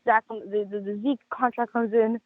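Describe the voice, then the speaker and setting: A man calling in to a sports chat show, a bit hoarse, rambling through his picks with lots of stammered restarts. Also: high-pitched, level tone, moderate pace, no echo. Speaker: caller. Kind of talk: casual sports call-in chat. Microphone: phone. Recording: tinny phone line.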